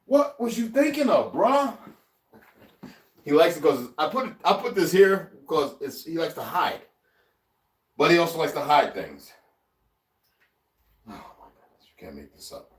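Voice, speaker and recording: A man's voice: a little high, very animated, measured pace, long pauses, distant mic. A man chatting casually to his viewers in his home kitchen, laughing often and talking to his cat as he searches around. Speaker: vlogger. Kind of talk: casual rambling vlog. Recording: roomy, off-mic, faint noise.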